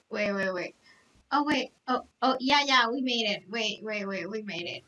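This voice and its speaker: A woman live-streaming a game, chatting to viewers in an excitable, gushing way full of gasps and exclamations. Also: a little high, normal speed, distant mic, poor audio.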